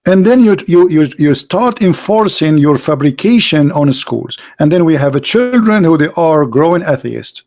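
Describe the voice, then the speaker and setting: A man's voice: a little high, lively intonation, normal speed, few pauses, a little mellow. Emphatic, scornful man lecturing. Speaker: street debater. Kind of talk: argumentative monologue.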